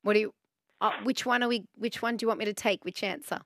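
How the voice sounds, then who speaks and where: Australian woman radio host, chatty and bubbly, with gravelly fry and a dry studio sound. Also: mid-range voice, fairly even intonation, fast, no echo. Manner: bubbly, chatty, laughs often. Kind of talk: casual talkback radio chat.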